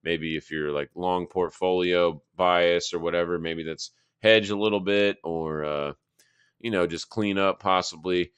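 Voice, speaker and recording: A man's voice: low-pitched, steady tone, unhurried, a bit bright, clean tone, dry recording. A man hosting a live market analysis stream, rambling casually and thinking aloud while he reads charts.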